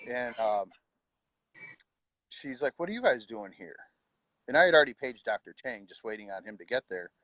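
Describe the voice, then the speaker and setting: A middle-aged man, quietly telling his own story of losing his wife, with halting pauses and heartfelt words. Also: medium pitch, big pitch swings, dry recording. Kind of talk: personal storytelling.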